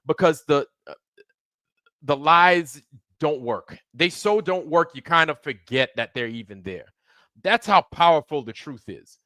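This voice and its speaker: A man with a fairly high-pitched voice rants on his livestream, fired-up and profane, hammering each point with repeats. The sound is dry and close, with no room around him. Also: expressive, unhurried, bright, forceful tone, dry recording. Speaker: livestream host. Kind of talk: heated ranting commentary.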